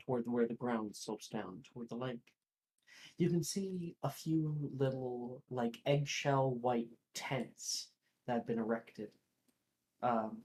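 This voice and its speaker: Tabletop game master, slow unhurried narration, lots of ums and likes, mid-pitched voice. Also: a little mellow, low-quality recording.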